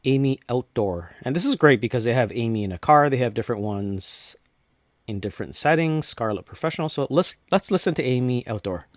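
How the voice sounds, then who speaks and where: A man from North America talks through a software tutorial, clicking along and narrating each step. He speaks casually, restarting phrases here and there. His mid-pitched voice is recorded dry and close. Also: lively intonation, a little fast, no room sound. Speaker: tutorial host.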